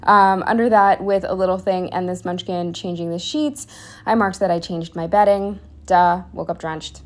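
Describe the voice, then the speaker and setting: A woman's voice: on the low side, steady tone, normal speed. A young woman narrating a planner video in a casual, rambling way, with fillers, restarts and self-deprecating asides, a bit out of breath. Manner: drops to a whisper for asides. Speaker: planner vlogger. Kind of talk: casual voiceover.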